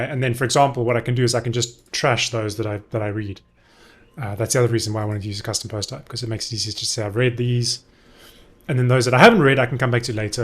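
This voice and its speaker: A man at his desk microphone walks through his coding work for a live stream, thinking aloud in a relaxed, unscripted way. His voice is a little husky and sits at an ordinary middle pitch. Faint music plays quietly behind him. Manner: thinking aloud, many ums and self-corrections. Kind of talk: casual live-coding walkthrough.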